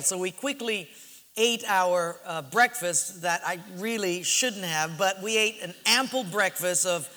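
Animated preacher in a reverberant hall. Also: male voice, sits high. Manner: animated, acts out shouts and laughs. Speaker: pastor. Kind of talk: storytelling sermon.

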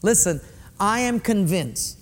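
A man's voice: high-pitched, lively intonation, takes it slowly. A male pastor preaching a sermon in a conversational way, speaking directly to his congregation in a church sanctuary. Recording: echoey hall.

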